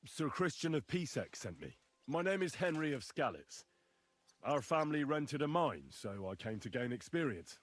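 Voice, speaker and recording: A man's voice: fairly high pitch, sing-song, normal speed. An actor playing a polite, inquisitive young male nobleman in a video game. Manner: polite, questioning, firm when crossed.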